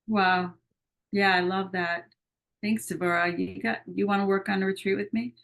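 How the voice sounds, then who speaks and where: A woman's voice: medium pitch, normal speed, vocal fry. Woman coach telling a story. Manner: lively storyteller who acts out quoted dialogue. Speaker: coach and retreat leader. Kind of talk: casual conversational storytelling.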